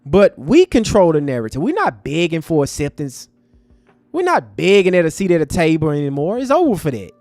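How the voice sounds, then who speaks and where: Male livestream host, high voice, impassioned and preachy, faint music bed. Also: sing-song, brisk, darkish tone, no room sound. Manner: impassioned, preachy, talks to chat as family. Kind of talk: livestream commentary.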